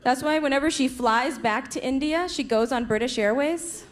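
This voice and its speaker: A young woman performing a stand-up comedy set on a club stage, punchy and quick. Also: high-pitched. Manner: punchy, quick impressions of her parents. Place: comedy club stage before a laughing crowd. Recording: noisy live club recording.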